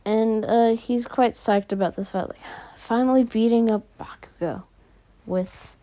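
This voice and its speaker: A woman casually narrating a fan story, filling pauses with frequent "uh"s. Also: fairly high pitch, mellow.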